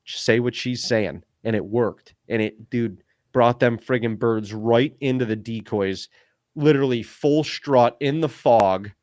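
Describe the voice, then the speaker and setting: A man in casual podcast chat, recounting a hunt with rising excitement. He leans on "dude" and "like" as he talks. His voice sits at an average pitch, and the room sounds dry and close. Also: measured pace, dry recording. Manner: excited storyteller, says "dude" and "like" a lot. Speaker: podcast co-host.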